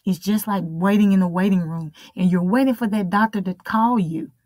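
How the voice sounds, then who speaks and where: A woman's voice: mid-range voice, normal speed, a little mellow, no room sound. Woman preacher, mid-range voice, emphatic and repetitive sermon delivery, dry close recording.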